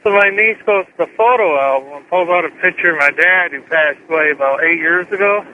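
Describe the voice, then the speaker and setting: A man's voice: on the high side, brisk, phone-quality sound, slight background noise. A middle-aged man calling a radio show, telling a story in a friendly way and acting out the quoted voices. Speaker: radio caller.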